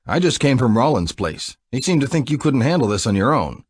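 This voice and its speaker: A man voicing a cocky, swaggering male outlaw who talks in loud, brash, profane banter. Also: medium pitch, big pitch swings, fairly quick, slightly rough, no room sound, clean studio sound, pitched above the performer's own voice. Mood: sly bluff.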